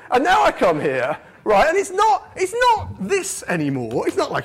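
A British man delivering a conference keynote with plenty of jokes at his own expense. His voice is high for a man and leaps up and down as he talks. He keeps it chatty, checking in with the crowd again and again. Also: wildly swooping pitch, a little fast, slightly rough. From United Kingdom. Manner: jokey, self-mocking, chatty with fillers like "right?".

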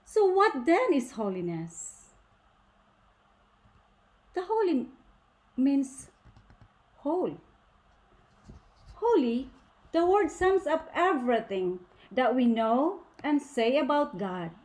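A woman delivers a faith talk to a women's gathering, taking her time and leaning hard on each point. Her fairly high voice swings up and down as she stresses words and poses rhetorical questions. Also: very animated, a little mellow. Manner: deliberate, emphatic, asks rhetorical questions. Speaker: speaker at a women's ministry gathering.

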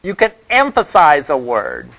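Male instructor, lecture-hall delivery, voice on the higher side, relaxed and rambling, checks in with the class often. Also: unhurried, gravelly. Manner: loose and conversational, many fillers and "all right?" check-ins. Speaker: college web development instructor.

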